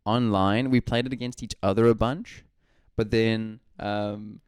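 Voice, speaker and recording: A man's voice: lowish voice, steady tone, a little slow, clean tone, dry recording, studio quality. A man co-hosting a casual gaming podcast, telling rambling stories and laughing often. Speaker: podcast co-host.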